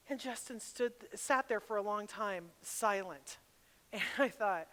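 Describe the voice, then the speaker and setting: Middle-aged woman speaker, high voice, lively personal storytelling, long hall echo. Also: moderate pace. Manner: personal, animated storytelling with sudden loud bursts. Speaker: retreat speaker. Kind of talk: storytelling talk at a women's retreat. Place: large hall at a camp retreat. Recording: long reverb of a large hall.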